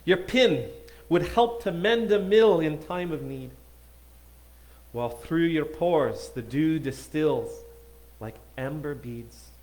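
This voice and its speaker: A man's voice: on the high side, expressive, slow pace, a little mellow. A man at a church hall concert reciting an old Scots poem in a put-on Scottish accent, declaiming theatrically with swells of emphasis.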